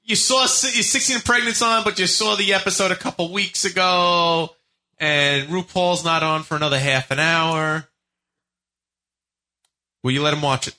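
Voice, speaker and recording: A man's voice: high-pitched, steady tone, moderate pace, pushed and bright. A man hosting a casual radio talk show, probing his guests and setting up hypothetical scenarios. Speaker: radio host.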